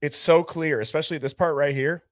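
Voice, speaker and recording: A man with a somewhat higher voice hosts a casual live stream, musing and asking questions as he goes. His voice is close and dry, with no room sound behind it. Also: steady tone, a little fast, no room sound. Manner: musing, questioning, thinking aloud. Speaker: host.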